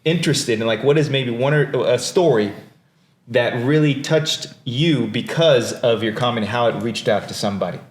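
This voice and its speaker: A man's voice: mid-range voice, normal speed. Encouraging male podcast host in an echoey room. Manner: encouraging, full of short affirmations. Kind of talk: casual podcast interview.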